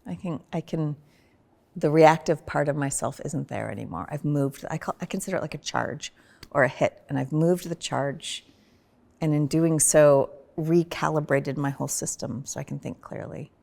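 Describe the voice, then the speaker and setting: A woman chatting on a podcast, telling personal stories in an animated way with sudden loud vocal bursts. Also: low voice, moderate pace, vocal fry. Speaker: podcast guest, host's wife. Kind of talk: casual personal conversation.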